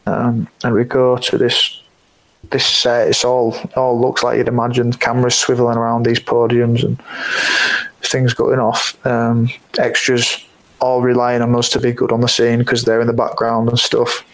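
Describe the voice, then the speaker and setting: A man's voice: mid-range voice, completely flat delivery, moderate pace, poor audio. Laughing young man telling stories. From England. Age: 20s. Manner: rambling, laughs often, many fillers. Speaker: guest rugby player. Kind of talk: casual anecdote-telling.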